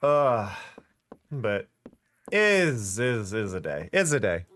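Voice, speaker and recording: A man's voice: on the low side, sing-song, slow, fairly bright tone. A man streaming a game, chatting casually and rambling at a desk mic, swearing and laughing often. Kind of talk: casual live-stream chat while gaming.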